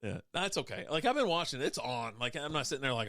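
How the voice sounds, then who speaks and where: A man co-hosting a laid-back beer podcast, with a medium-pitched voice. He talks bluntly and teases his co-host, swearing as he goes. The sound is dry and close, with little room around it. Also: big pitch swings, quick pace, a bit bright, no room sound. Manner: blunt, teasing, swears freely. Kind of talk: casual beer podcast chat.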